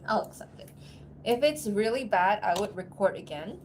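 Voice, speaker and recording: Woman streamer, casual chat, giggly, self-deprecating, mid-pitched. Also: lively intonation, normal speed, slight background noise. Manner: chatty, laughs often, self-deprecating. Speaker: streamer and voice actor. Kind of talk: casual livestream chat between takes.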